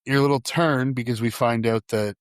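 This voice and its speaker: A man's voice: mid-range voice, steady tone, normal speed, clean tone, no echo. Dry-sounding man hosting casual podcast. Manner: laughs often while retelling film scenes. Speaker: podcast host. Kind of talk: casual film chat.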